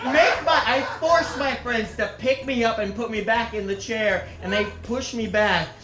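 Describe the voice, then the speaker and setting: A man's voice: very high voice, moderate pace, pushed and bright, faint music behind. Self-mocking male storyteller, roomy echo. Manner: self-mocking, often breaks into laughter. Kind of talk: live comic storytelling.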